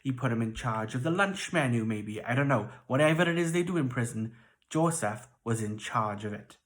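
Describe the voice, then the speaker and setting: A children's church leader with a Welsh accent, telling a Bible story to kids in a playful, expressive way. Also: mid-range voice, normal speed.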